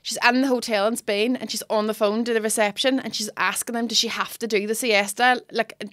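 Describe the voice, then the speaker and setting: A woman with a Northern Irish accent, a comedian co-hosting a casual podcast, telling animated stories and slipping into impressions. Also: fairly high pitch, brisk, no echo, studio quality. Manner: animated storyteller, mimics and laughs.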